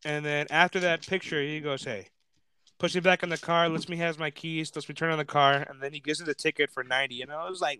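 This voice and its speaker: A man's voice: on the high side, fairly even intonation, fast, sharp tone, clear, resonant tone, no echo. A young man telling a story in casual chat, swearing often, laughing, and acting out what others said. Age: young adult.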